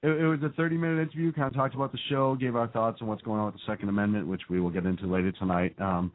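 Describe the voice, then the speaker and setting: A man's voice: lowish voice, steady tone, very fast. Boston male radio host, casual rambly banter, narrow phone-line audio. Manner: rambling, self-deprecating, laughs often.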